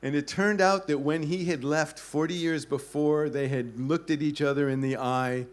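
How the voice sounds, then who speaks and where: A man giving a talk to an audience, telling a travel story with lively pacing and acting out the voices of people in it. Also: a little high, moderate pace. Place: club event hall.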